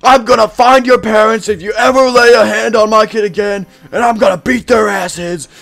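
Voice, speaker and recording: A young man voicing a huge, furious father who shouts threats in a retold story. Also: high-pitched, steady tone, normal speed, gravelly, pitched above the performer's own voice.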